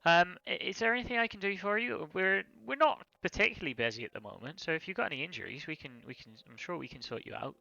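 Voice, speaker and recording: Brief: a man doing a chatty woman healer, wobbly Irish-Somerset lilt, bright, slightly muffled sound. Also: sits high, lively intonation, gravelly, exaggerated voice. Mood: welcoming. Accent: slipping between attempted Irish and Somerset. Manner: hesitant, repeats words, quick. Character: female human healer, friendly and chatty.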